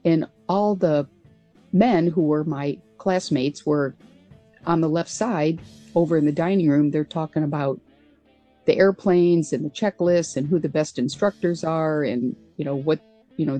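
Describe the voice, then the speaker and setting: A woman's voice: sits low, normal speed, warm tone, soft background music. A woman who was a military pilot, telling her story as a radio interview guest in an earnest, reflective way.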